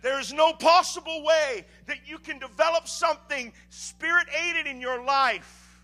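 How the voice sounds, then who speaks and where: A man preaching a sermon as pastor, swinging between quiet talk and shouted calls to the congregation. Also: very high-pitched, measured pace. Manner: preaches with sudden shouts and call-and-response.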